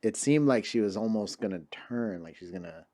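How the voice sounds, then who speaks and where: A man's voice: on the low side, lively intonation, fairly quick, dark tone. A young man co-hosting a podcast in casual chat, easygoing, swearing casually and slipping into playful voices. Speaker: podcast co-host.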